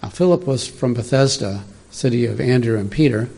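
A man's voice: mid-range voice, a little fast, creaky, warm tone, slightly rough. A middle-aged man giving an informal, digressive sermon to a congregation in a church room, chatting and laughing at his own asides. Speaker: preacher.

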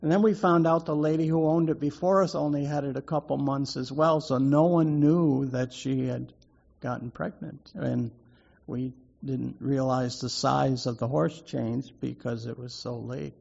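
A man telling a personal story to draw out a lesson, in a halting way with many repeated words and restarts. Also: mid-range voice, steady tone, creaky, a little mellow. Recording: dull lo-fi recording.

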